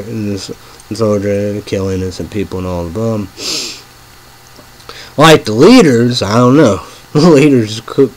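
A man rambling in a halting monologue, full of fillers, dropping to a murmur and then bursting out loud and swearing. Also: lowish voice, rough recording. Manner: swings from murmuring to sudden loud outbursts. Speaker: vlogger.

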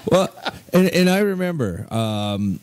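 A man's voice: on the high side, very animated, measured pace, darkish tone, slight background noise. A man from Duluth co-hosting a casual chat, who mostly answers with short agreements and then recalls things thoughtfully. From Duluth, Minnesota. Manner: brief agreeing interjections, thoughtful recollection. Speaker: podcast co-host.

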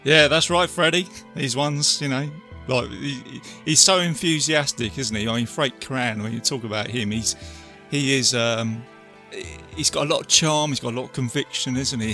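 A man's voice: mid-range voice, normal speed, bright, forceful tone, faint music behind. A man in a casual film review podcast, who keeps adding tag questions and laughs often. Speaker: podcast co-host.

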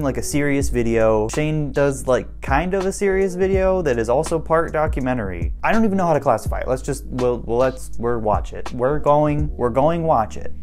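A man's voice: fairly high pitch, a little mellow. A young man doing casual reaction commentary in a sarcastic, blunt and profane way. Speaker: YouTube commentator.

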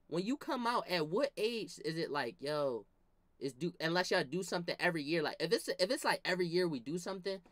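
A young man tells a story as a loose, profane comedic rant, full of slang and laughing at his own jokes. His voice is bright and forceful. The sound is dry and close. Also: a little high, no echo. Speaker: vlogger.

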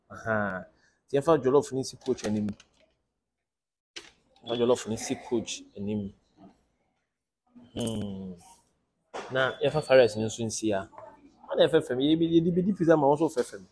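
A man with a Ghanaian accent presenting a casual vlog, lively, switching between Twi and English and repeating his phrases. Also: mid-range voice, normal speed, long pauses, slight background noise, rough recording. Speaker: vlogger presenting a youth footballer.

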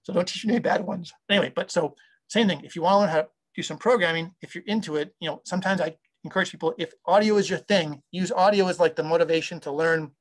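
Excitable guy in his 50s, kinda high voice, rambles and cuts himself off a lot. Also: quick pace. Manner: rambling, enthusiastic, self-interrupting. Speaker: guest, audio software founder and engineer. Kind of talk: casual interview chat.

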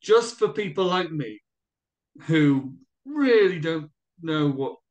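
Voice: mid-range voice, expressive, slow. An interview host asking curious questions and giving encouraging backchannels. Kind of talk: casual interview.

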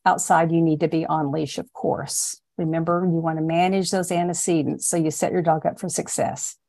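A middle-aged woman dog trainer narrating a training lesson in a calm, step-by-step way. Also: deep voice, normal speed, creaky. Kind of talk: voice-over narration of training slides.

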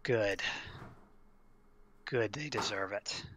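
A man's voice: medium pitch, slow, noisy background, lightly acted. A man voicing a blunt, battered female ex-prisoner. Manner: blunt, dry, plain-spoken.

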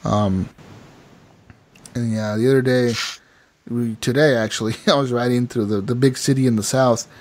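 A man co-hosting a gaming podcast, telling a long story in a loose, animated way, full of fillers and quoted voices. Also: medium pitch, moderate pace, pauses often. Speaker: podcast co-host. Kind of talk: casual gaming podcast chat.

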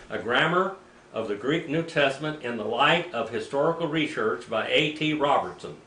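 A man's voice: mid-range voice, pushed and bright. Older man preaching in an echoey room. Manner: rambling, anecdotal, with frequent restarts and throat clearing. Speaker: preacher and Greek teacher. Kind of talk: informal teaching sermon. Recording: echoey room, mic at a distance, faint background noise.

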